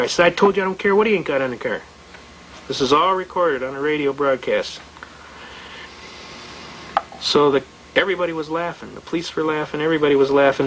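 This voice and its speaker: A man giving a fast, anecdotal talk, acting out dialogue from his stories. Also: on the high side, a bit bright, a little hiss or hum, rough recording. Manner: fast-talking storyteller, acts out dialogue. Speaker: speaker on legal rights. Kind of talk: anecdotal lecture.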